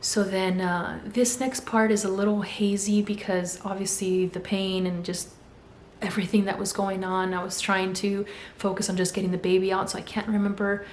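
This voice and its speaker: A woman's voice: medium pitch, moderate pace. A young adult woman telling a story in a casual way and acting out the voices she quotes. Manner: animated, acts out quoted voices. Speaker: vlogger. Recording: echoey room with faint hum.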